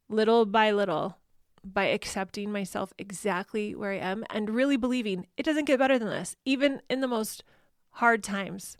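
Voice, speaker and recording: Woman, podcast host, heartfelt and reflective solo talk, mid pitch, dry recording. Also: dry recording. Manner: earnest, heartfelt, self-correcting.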